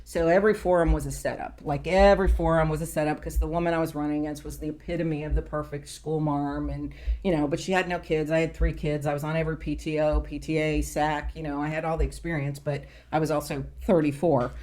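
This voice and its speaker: A middle-aged woman with a lowish voice tells a campaign story in casual round-table chat. She talks in an animated way, quoting people as she goes. The voice sits a bit below most women's. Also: quick pace, few pauses. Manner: animated storyteller who acts out quotes. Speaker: political round table panelist.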